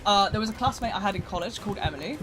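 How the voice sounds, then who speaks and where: A British streamer rambles casually while gaming, over music, alternating loud asides with quiet mutters. His voice is medium in pitch and he talks at a racing pace.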